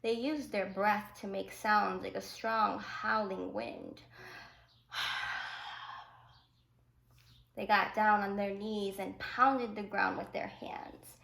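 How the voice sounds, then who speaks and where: A woman teacher reading a picture book aloud to children, with gentle asides explaining the story. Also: medium pitch, steady tone, takes it slowly, creaky, few pauses. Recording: echoey room.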